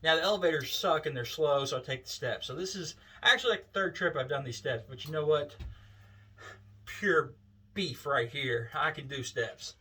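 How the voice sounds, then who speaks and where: A man's voice: a little high, animated, moderate pace, bright, forceful tone, husky, rough recording. Chatty man telling a story. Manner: chatty, wry, folksy. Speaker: vlogger. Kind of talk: casual storytelling.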